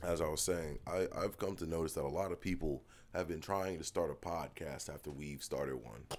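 A man with a very deep voice, co-hosting a podcast and telling stories in a laid-back, swearing, casual chat. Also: normal speed, darkish tone. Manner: laid-back storytelling, frequent swearing and restarts. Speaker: podcast co-host.

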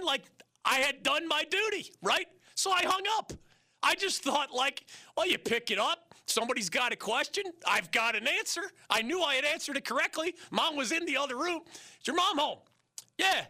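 Sports radio host in his 50s, high voice, very bright tone, animated storyteller. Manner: animated storyteller, chuckles while talking. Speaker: radio call-in show host.

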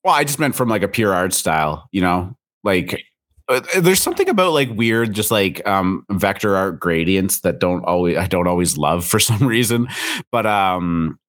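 Low-voiced man in a dry close-miked chat. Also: normal speed, no echo. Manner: relaxed, rambling, with frequent fillers. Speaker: co-host. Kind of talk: casual podcast chat.

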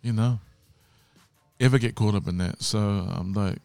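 A man's voice: on the low side, measured pace, vocal fry, darkish tone, clear, resonant tone, no room sound, soft background music. A man, a guest singer, talking earnestly in casual chat, often asking "you know what I mean". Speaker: guest, singer and worship leader.

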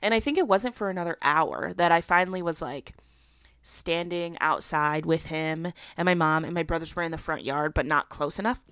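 With a low, smooth voice and a fairly bright tone, a young adult woman speaks at normal speed on her podcast. There's no echo and the studio sound is clean while she chats through a personal story packed with fillers.

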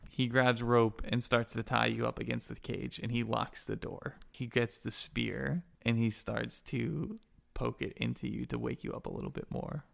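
A man's voice: mid-range voice, gravelly. A man narrating as game master of a tabletop game, telling the story in a casual, crude way.

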